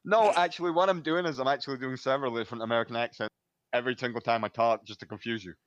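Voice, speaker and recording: A man's voice: medium pitch, fairly even intonation, very fast, a bit bright, no room sound, muffled recording. A man co-hosting a podcast, joking around, swearing and laughing often. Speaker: podcast co-host. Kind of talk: casual comedy banter. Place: shared room, four men on one mic.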